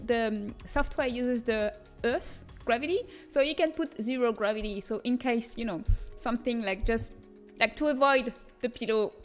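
A young woman with a French accent giving a casual livestream tutorial, chatting, reading viewer comments and laughing often. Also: fairly high pitch. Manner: chatty, laughs often, reads chat aloud. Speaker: streamer teaching custom content.

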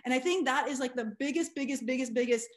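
A young adult woman giving a motivational keynote talk, telling stories with lively quoted dialogue. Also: sits high, fast talker. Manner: animated storytelling with quoted dialogue. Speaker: keynote speaker.

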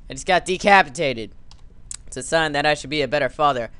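A man's voice: a little high, moderate pace, bright, forceful tone, smooth, no echo. A man giving goofy, jokey commentary while playing a game, sometimes acting out a scolding dad. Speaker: let's play commentator. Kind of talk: casual gameplay commentary.

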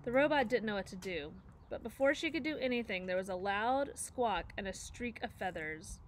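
A woman's voice: medium pitch, normal speed. A woman reading a children's story aloud, narrating expressively and acting out each character. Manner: expressive, acts out voices. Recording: faint background noise.

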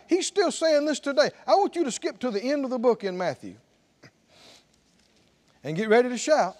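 A man's voice: very high-pitched, sing-song, a little slow, pauses often, a little mellow. A middle-aged man preaching a sermon as pastor in a church, emphatic and calling out to the congregation. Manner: emphatic, call-and-response preaching.

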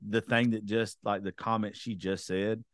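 A man's voice: fairly low pitch, level tone, moderate pace, no room sound, studio quality. A man hosting a podcast, telling blunt, profane stories in casual chat. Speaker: podcast host.

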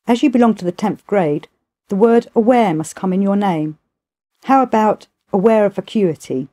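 A woman's voice: mid-range voice, expressive, normal speed, dark tone, close to an everyday voice. A woman voicing a stern old male immortal master who questions a new pupil. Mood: questioning.

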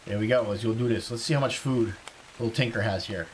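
A man from South Carolina streaming a survival game live, chatting excitedly and greeting viewers by name. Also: lowish voice, quick pace, slight background noise. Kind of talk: casual live game commentary.

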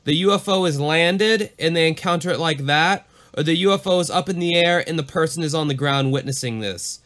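Male podcast co-host with a fairly high voice who talks in an animated, casual way and leans into the creepy parts. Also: brisk. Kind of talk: casual podcast chat and reading.

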